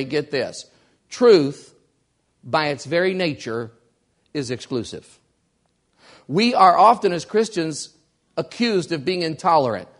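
A pastor, a man, preaching with emphatic, deliberate delivery. His voice sits a little higher than most men's, and he leans hard on his key lines, repeating them for weight. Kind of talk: sermon.

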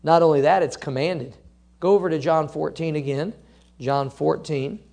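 A man's voice: a little high, fairly even intonation, normal speed, vocal fry, a little mellow. A man preaching a sermon, quoting scripture and driving his points home with emphatic, rising repetition. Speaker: pastor.

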